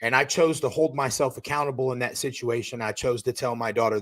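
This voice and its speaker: A man, hosting a profane motivational podcast, loud and hyped, turning quiet and emotional. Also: medium pitch, steady tone, brisk. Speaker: podcast host and roofing company owner.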